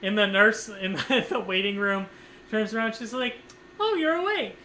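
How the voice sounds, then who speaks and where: A man's voice: high voice, fairly even intonation, normal speed, sharp tone, a little hiss or hum, poor audio. A man telling a personal story in a casual, rambling way, with lots of filler words and swearing. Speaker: streamer.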